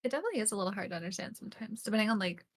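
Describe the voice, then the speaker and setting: A woman chiming in briefly and softly during casual live-stream chat. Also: medium pitch, animated, racing.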